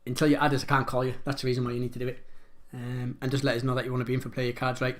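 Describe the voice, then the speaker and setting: A man's voice: medium pitch, monotone, racing. A man hosting a pub quiz live from home, chatty and rambling, joking about his own pronunciation as he reads out the questions.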